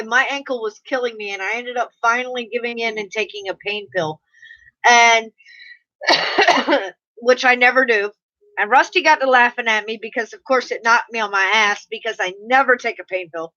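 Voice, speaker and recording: Middle-aged woman, high and bright, chatty streamer who swears and laughs easily, muffled lo-fi audio. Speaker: live streamer. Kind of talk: casual chat reading live comments. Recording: slightly muffled lo-fi mic audio.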